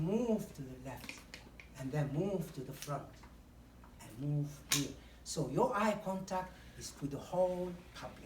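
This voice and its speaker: Woman running a speaking workshop, acts stuff out, lowish voice, roomy echo with faint hum behind. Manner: demonstrative, acts out examples, frequent "you know". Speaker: public speaking workshop trainer. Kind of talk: instructional talk to a live group. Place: meeting room. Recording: roomy echo, distant mic, faint ambience.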